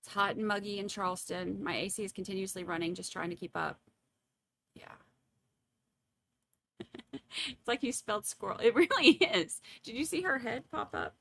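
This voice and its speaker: A woman's voice: mid-range voice, lively intonation, moderate pace, vocal fry, pauses often, sharp tone, dry recording. A woman, chatting casually and laughing as she reads viewer comments at home. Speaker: livestream host.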